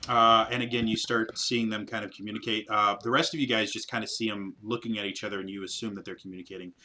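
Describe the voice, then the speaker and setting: A man's voice: fairly low pitch, flat delivery, fast talker, bright, forceful tone, low-quality recording. A man narrating a tabletop game as game master, rambling with many fillers.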